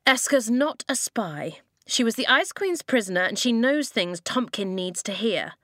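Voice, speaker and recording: A woman's voice: a little high, animated, a bit bright, dry recording, clean studio sound, pitched above the performer's own voice. A woman voicing an impulsive, rule-breaking boy who sighs and apologizes, then speaks up boldly. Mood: earnest. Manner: apologetic, quick, sighing.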